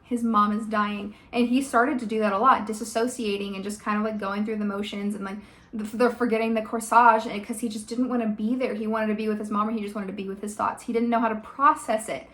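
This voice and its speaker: Woman vlogger, fairly high voice, emphatic casual rant, filler-heavy. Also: steady tone, fast talker, a bit bright. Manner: emphatic, rants with many "like" and "okay?". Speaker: vlogger reviewing a TV adaptation. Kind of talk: casual opinionated commentary.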